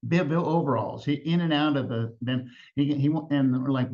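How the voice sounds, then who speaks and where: A man telling a family tall tale live, halting and repeating words with chuckles between lines. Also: mid-range voice, darkish tone. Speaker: storyteller. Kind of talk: live storytelling. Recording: lo-fi event recording.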